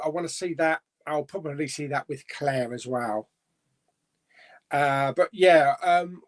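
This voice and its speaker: Chatty man, slightly high voice. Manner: chatty and easygoing, with frequent little laughs. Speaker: host of a live chat stream. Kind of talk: casual live chat, reading out viewer comments.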